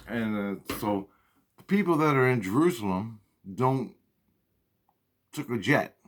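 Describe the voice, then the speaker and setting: Low deep guy rambling to the camera, swears a lot, keeps repeating himself. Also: expressive, measured pace, pauses often. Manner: profane, repetitive, restarts often. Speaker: vlogger. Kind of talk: rambling spoken monologue.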